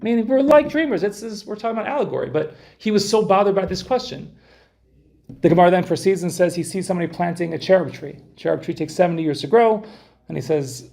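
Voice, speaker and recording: A man's voice: high voice, animated, fast talker, vocal fry, darkish tone. A man giving an informal Torah talk to a group, chatting and putting questions to his listeners. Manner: conversational, questions the audience, many restarts. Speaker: Torah class speaker.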